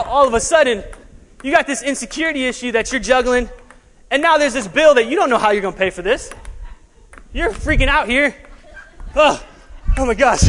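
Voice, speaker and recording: A man preaching an animated sermon as a pastor, laughing at himself and sometimes short of breath. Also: extremely high pitch. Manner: animated, laughing asides, juggling while preaching. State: out of breath at times. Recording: long hall reverb.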